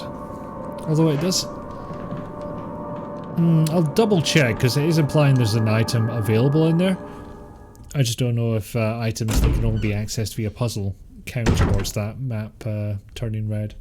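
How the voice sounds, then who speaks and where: A man's voice: medium pitch, moderate pace, pauses often. A British man giving casual gameplay commentary, dry and self-mocking, muttering to himself on a close compressed mic. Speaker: streamer. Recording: game music behind.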